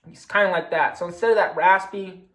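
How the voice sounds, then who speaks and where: This hunting presenter is a young man whose voice sits high and a bit bright, with fairly even intonation and a fairly quick pace. His recorded talk is casual, walking through his methods with hands-on calling demos in an echoey room.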